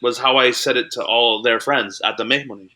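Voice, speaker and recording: Bright-voiced young man telling stories. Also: medium pitch, a little fast. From Canada (Toronto). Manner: animated storyteller, heavy use of "like". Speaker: comedian guest. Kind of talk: casual interview chat. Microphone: video call.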